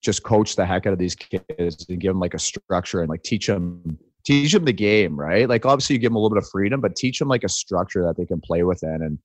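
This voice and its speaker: Deep-voiced joking male podcast co-host. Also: expressive, a little fast, few pauses, dry recording. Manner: joking, storytelling, says "like" and "right?" often. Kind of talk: casual chat.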